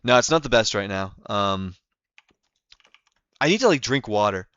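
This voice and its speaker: A man's voice: on the low side, expressive, moderate pace, fairly bright tone, clear, resonant tone, no room sound, muffled recording. A young man live-streaming a game, chatting casually and rambling with lots of fillers.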